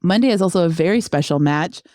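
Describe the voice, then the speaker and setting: A young woman co-hosting a casual podcast, animated and laughing often as she chats. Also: lowish voice, fast talker, no echo, studio quality. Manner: excitable, laughs a lot, animated disbelief. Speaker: podcast co-host. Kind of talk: casual chat.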